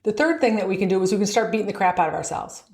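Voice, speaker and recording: Rapid-fire and animated, this middle-aged woman has a medium-pitched, darkish voice heard in a reverberant space. On her podcast about golfers' mental game she stays upbeat, laughing frequently and voicing their inner thoughts aloud.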